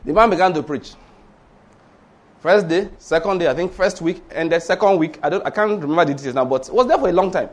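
High-voiced man preaching an animated sermon. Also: a little fast. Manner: animated, swings from hushed to exclaiming. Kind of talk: storytelling sermon.

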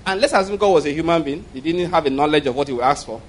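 A man preaching a humorous, animated sermon, often checking whether his listeners follow him. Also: a little high, rapid-fire. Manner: humorous, animated storytelling, asks the congregation questions.

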